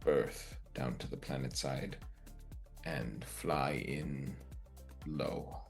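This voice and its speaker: A man playing a tabletop game, laying out plans in character in a deliberate way. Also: extremely low pitch, gravelly, faint music behind. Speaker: player.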